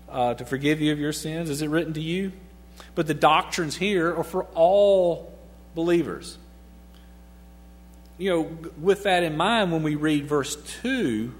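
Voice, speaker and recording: A middle-aged man teaches the Bible in a loose, chatty way, often chuckling and putting questions to his listeners. His voice sits a little higher than most men's. It rings with the long reverb of a large room. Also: a little slow.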